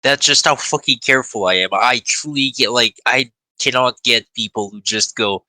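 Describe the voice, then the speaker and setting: A man's voice: medium pitch, normal speed, sharp tone, no room sound, poor audio. A man playing in a tabletop game, teasing and joking with the others in casual chat. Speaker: player.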